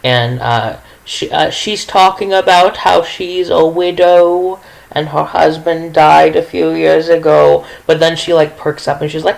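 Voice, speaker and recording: A woman's voice: sits low, fairly even intonation, unhurried, gravelly, a little mellow, low-quality recording. A woman running a tabletop game as game master, narrating in a rambling, giggly way with lots of fillers.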